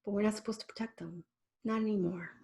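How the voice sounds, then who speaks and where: A woman in her forties, a parenting educator, giving an online lecture in a lively, conversational way and addressing parents directly with rhetorical questions. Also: medium pitch, fast talker. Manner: animated, speaks straight to parents with rhetorical questions; conversational, with fillers and restarts.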